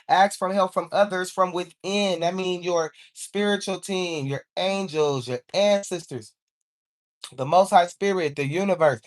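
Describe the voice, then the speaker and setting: A spiritual card reader doing a live reading for her viewers, encouraging them and calling on angels, with "okay?" after nearly every line. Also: mid-range voice. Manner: encouraging, repeats "okay?" often; informal speech, calls on angels.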